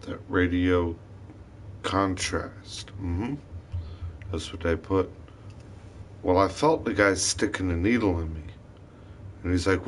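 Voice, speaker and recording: A man's voice: low voice, steady tone, slow pace, long pauses, a little hiss or hum. A man talking in a rambling, wandering monologue, swearing often as he tells his story.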